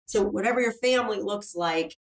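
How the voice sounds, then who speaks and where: A woman's voice: medium pitch, a little fast. A middle-aged woman talking earnestly and reflectively in a casual interview. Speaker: film producer guest. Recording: roomy, distant mic.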